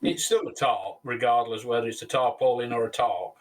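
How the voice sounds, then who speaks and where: A man's voice: medium pitch, fairly quick, far from the mic, slight background noise. A man with a British accent chatting in a dry, matter-of-fact way while building a model. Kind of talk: casual chat while building.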